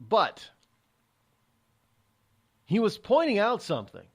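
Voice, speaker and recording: Middle-aged man, radio talk host, opinionated monologue, sarcastic, swooping lively pitch, fairly high voice. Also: slow pace, slightly rough. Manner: animated, sarcastic, acts out quoted voices.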